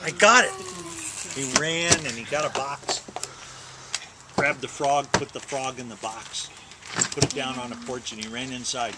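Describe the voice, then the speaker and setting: A father telling a long joke at home in an unhurried way, now and then slipping and correcting himself, filmed on a handheld camcorder. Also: mid-range voice, heavy background noise. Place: family home. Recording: home video, baby crying loudly.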